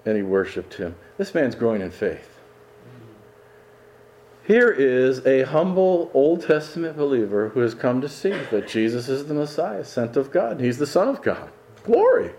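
A man's voice: medium pitch, sing-song, normal speed, a little mellow, a little hiss or hum. A man, a pastor, teaching through a Bible passage verse by verse in an enthusiastic, emphatic way with frequent chuckles.

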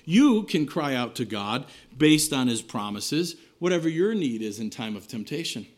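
A man preaching a sermon, earnest, rising to emphatic lines and then dropping low and quiet at the ends of phrases. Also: very animated, normal speed. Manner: earnest preaching with wide swings between raised and hushed phrases.

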